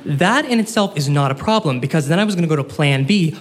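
Animated young man telling a comic story. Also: on the high side. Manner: animated, self-mocking, quick asides.

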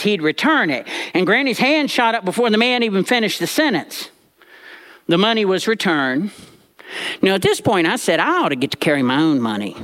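A man telling a personal story to a live audience in an animated, expressive way. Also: high voice.

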